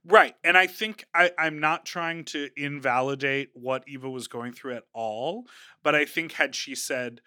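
A man co-hosting a casual podcast chat, recapping a reality show and acting out quotes with animated energy. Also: a little high, clear, resonant tone, no room sound, clean studio sound. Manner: animated, quick to act out quotes. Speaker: podcast co-host.

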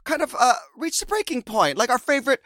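A man's voice: very high voice, big pitch swings, quick pace, bright, forceful tone, dry recording, studio quality. A man co-hosting a casual podcast chat, campy and teasing, with frequent giggles. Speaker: podcast co-host.

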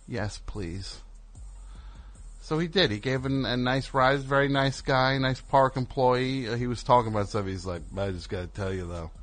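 Exasperated man with a low voice. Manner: animated, exasperated, acts out other people's lines. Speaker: caller. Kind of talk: casual storytelling on a call-in show.

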